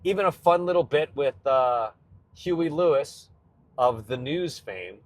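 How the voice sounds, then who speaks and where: Riding in a car on a road trip, a male comedian hosts his own podcast alone, rambling casually and nerdily about a film's guitar and often breaking off mid-sentence. His voice is a little high, expressive, and unhurried, captured in a dry recording.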